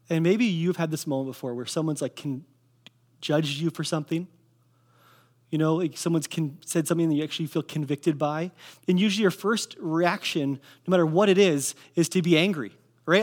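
A man's voice: fairly high pitch, a little fast, a little mellow. A young man from Canada giving a casual, earnest personal testimony in a sermon, telling his story with fillers.

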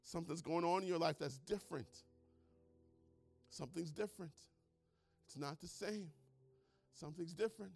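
A man preaching a sermon at a church service, excitable and swinging from hushed talk to shouting as he retells stories. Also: a little high, normal speed, vocal fry, pauses often, slightly rough. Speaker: pastor.

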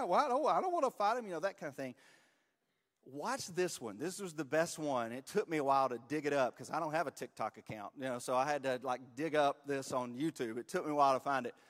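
A man delivering a sermon in an easygoing, relatable way, often restarting his sentences mid-thought. His voice sits a little high for a man. It rings out with the long reverb of a large hall. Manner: casual, relatable, frequent restarts and fillers. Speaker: pastor. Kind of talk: conversational sermon.

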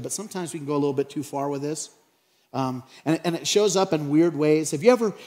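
A man's voice: a little high, a little mellow. A man preaching a sermon, playful and conversational, acting out little scenes in funny voices. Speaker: pastor. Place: large church hall. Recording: echoey church hall.

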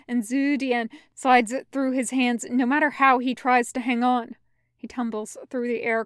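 A woman reading fan fiction aloud as a podfic, in a steady, even narration. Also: on the high side, smooth, dry recording, studio quality. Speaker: podfic reader.

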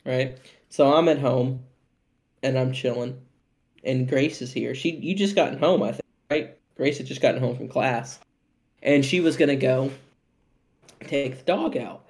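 Animated young man telling a podcast story. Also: mid-range voice, measured pace, pauses often. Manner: animated, profane, laughing storyteller. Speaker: podcast co-host.

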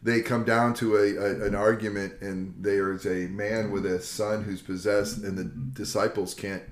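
An older man, a pastor co-hosting a casual Bible discussion, telling the stories in a lively folksy way and acting out the quotes. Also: on the low side, measured pace. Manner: animated storyteller, acts out quotes, folksy. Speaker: pastor and co-host. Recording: echoey room.

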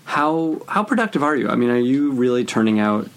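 A man's voice: mid-range voice, big pitch swings, a little fast. A male interviewer asking questions in a casual interview, chiming in with encouraging backchannels and laughing along. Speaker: podcast interviewer.

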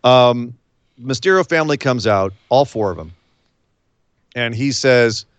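A man's voice: medium pitch, a little slow, long pauses, clean tone, no echo, muffled recording. A man co-hosting a podcast, recapping wrestling in casual chat and acting out quotes in voices. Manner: animated, acts out quotes in voices. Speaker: podcast co-host.

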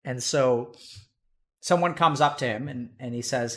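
A man's voice: mid-range voice, measured pace, long pauses, a bit bright. A man giving blunt, casual advice in conversation, swearing freely and acting out the people in the stories he tells.

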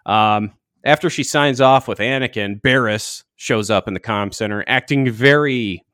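A man's voice: mid-range voice, moderate pace, a bit bright, no echo, clean studio sound. A young man co-hosting a podcast, recapping an episode in a rambling, hedging, wry way. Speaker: podcast co-host.

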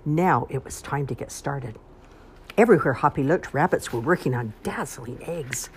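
A woman reading a children's picture book aloud in an expressive, sing-song way. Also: extremely low pitch, moderate pace, a little hiss or hum. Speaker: storyteller. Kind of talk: children's storybook read-aloud.

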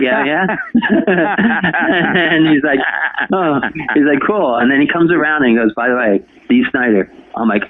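A man in his forties, a radio host from New Jersey, telling a long story in a chatty way during an interview. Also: medium pitch. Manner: chatty storyteller, talks to anybody. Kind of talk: casual interview. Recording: dry phone-line sound.

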